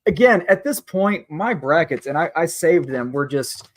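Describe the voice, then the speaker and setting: A man's voice: fairly high pitch, lively intonation, normal speed, no echo. A man co-hosting a podcast, chatting casually and trailing off into restarts. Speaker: podcast co-host. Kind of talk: casual chat.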